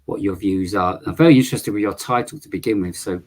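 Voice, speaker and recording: A man's voice: low voice, fast. A man hosting a live call-in stream, polite and firm, with a lot of hesitant ums. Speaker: livestream host.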